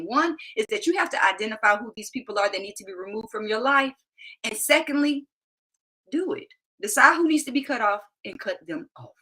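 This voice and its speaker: A woman's voice: on the high side, bright, forceful tone, poor audio. A woman speaking as a motivational speaker, emphatic and preachy, using slang and repeating phrases for effect. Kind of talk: motivational talk to camera.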